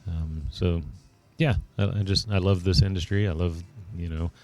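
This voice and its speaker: A man from Fort Worth, a winemaker guest talking earnestly with many pauses and fillers. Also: low voice, fairly even intonation, a little mellow, faint music behind. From Fort Worth, Texas. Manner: earnest, halting, many ums. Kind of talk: casual interview chat.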